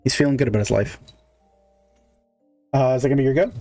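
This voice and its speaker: A man's voice: medium pitch, fast, warm tone, soft background music. A man narrating as game master in a casual, filler-heavy way, counting moves aloud.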